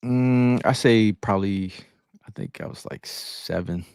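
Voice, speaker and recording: A man's voice: fairly low pitch, measured pace, a little mellow, smooth, no echo, studio quality. A man co-hosting a casual podcast, telling stories emphatically and repeating himself as he goes. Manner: storytelling, emphatic, repeats phrases. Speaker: podcast co-host. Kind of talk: casual sports podcast banter.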